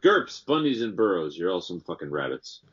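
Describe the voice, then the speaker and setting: A man's voice: deep voice, sing-song, moderate pace, slightly rough, lo-fi sound. A man chatting casually on a podcast, animatedly reading out listener questions.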